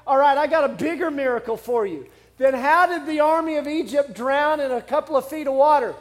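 Male pastor, very high-pitched, conversational and humorous sermon delivery. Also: moderate pace, hardly any pauses. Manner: conversational, humorous preaching with acted quotes.

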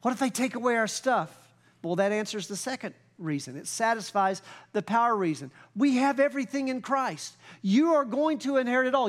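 A man with a high, light voice preaching to his congregation. He slows down to read scripture and grows louder and higher when he presses his point. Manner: earnest preaching, rises in pitch and volume when fired up, slows down for scripture. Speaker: pastor. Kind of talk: sermon.

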